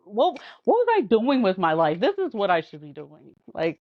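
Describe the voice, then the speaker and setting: A woman guest on a podcast, telling lively stories and acting out what others said, laughing often. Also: mid-range voice, moderate pace, no echo. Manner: animated, acts out quotes with laughs. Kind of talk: casual storytelling chat. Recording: dull, lo-fi podcast audio.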